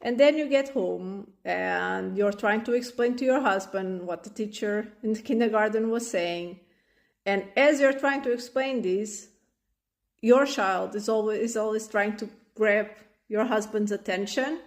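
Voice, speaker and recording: A woman vlogging about parenting, telling an everyday story in an animated way and acting out the scenes. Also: medium pitch, measured pace, vocal fry. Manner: animated, acts out the scenes in voices. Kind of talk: casual storytelling monologue.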